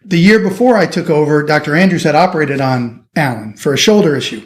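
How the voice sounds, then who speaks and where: A middle-aged surgeon from the United States telling a lively anecdote in an interview, acting out the people he quotes. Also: on the high side, quick pace. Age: 50s. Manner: animated anecdotal storytelling, acting out quoted voices. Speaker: orthopedic surgeon guest. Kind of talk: storytelling interview.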